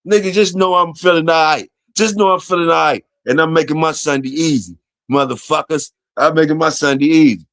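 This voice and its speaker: A man's voice: fairly high pitch, a little fast, a bit bright, no room sound. A man hosting a casual solo livestream, talking loosely and profanely to his chat and reading comments aloud. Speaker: livestream host.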